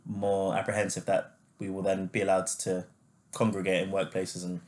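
A man's voice: low-pitched, monotone, moderate pace, darkish tone. A man co-hosting a casual chat podcast, talking loosely with lots of fillers and laughing easily. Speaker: podcast co-host.

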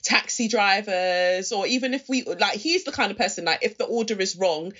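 A woman's voice: medium pitch, normal speed, a bit bright, dull audio. A woman guest on a podcast, talking frankly and chattily, with lots of "like". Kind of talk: casual podcast chat.

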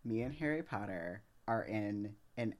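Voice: mid-range voice, animated, measured pace. Ranting, indignant podcast co-host. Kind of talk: casual chat.

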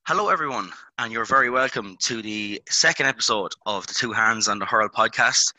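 A man's voice: fairly low pitch, brisk, sharp tone, no echo, rough recording. A young Irish man in his twenties hosting a casual sports podcast, rambling with lots of ums and uhs. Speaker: podcast host.

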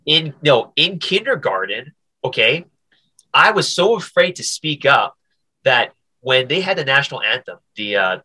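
A male comedian, guesting on a podcast, tells stories in a casual interview with a mid-range, slightly rough voice at an unhurried pace. He's animated, stammers through frequent restarts, and acts out voices.

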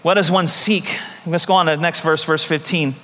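A man's voice: a little high, fairly even intonation, normal speed, fairly bright tone, long reverb tail. A man preaching a sermon as pastor, talking in a conversational way with repeated phrases and acted-out voices.

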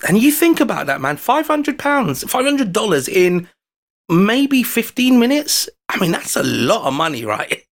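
A man with an English accent telling a story on a podcast, his voice sitting a bit high for a man. He talks in an animated way and acts out what he said in the moment, with restarts along the way. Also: a little slow. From London, England. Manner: animated anecdote telling, acting out his own quoted lines. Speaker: podcast guest. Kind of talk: casual storytelling chat.

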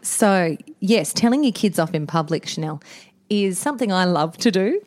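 A woman's voice: lowish voice, lively intonation, moderate pace. A woman, co-hosting a casual chat about parenting. She tells stories with lots of laughter and acts out what people said. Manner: chatty storyteller, laughs often, acts out quotes. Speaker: podcast co-host.

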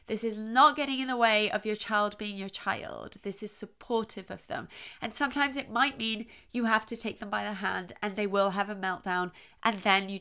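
A woman's voice: medium pitch, bright, forceful tone. A middle-aged woman who is a child psychologist, giving playful parenting advice and exaggerating her voice to show how it should sound.

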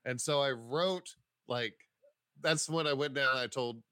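A man's voice: medium pitch, measured pace, clear, resonant tone, no echo, clean studio sound. A man who is a stand-up comedian, telling stories casually in an interview and acting out the voices of people he quotes. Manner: animated, acts out quoted voices, swears casually.

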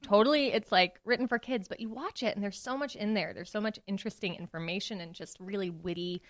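A woman, a comedy duo member, talking in a casual podcast interview, lively and quick to laugh. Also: mid-range voice, dry recording, clean studio sound.

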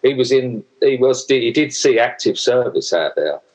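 A man's voice: medium pitch, expressive, moderate pace, darkish tone, poor audio. A man in his sixties from England, hosting a casual chat in an easygoing, jokey way. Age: 60s. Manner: easygoing, jokey, laughs along.

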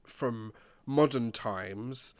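A man's voice: medium pitch, extremely slow, a little mellow, dry recording. A man co-hosting a history podcast, jumping in eagerly with questions and ideas. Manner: eager, chimes in with questions and requests. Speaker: podcast co-host. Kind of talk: casual history podcast chat.

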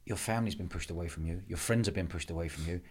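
A man's voice: low voice, rapid-fire, slightly rough. A man hosting a podcast, bluntly pressing questions and agreeing often. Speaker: podcast host. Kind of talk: podcast conversation.

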